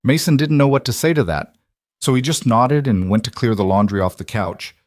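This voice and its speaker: A man calmly reading a scripted drama story aloud as narrator. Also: medium pitch, brisk, dry recording, studio quality.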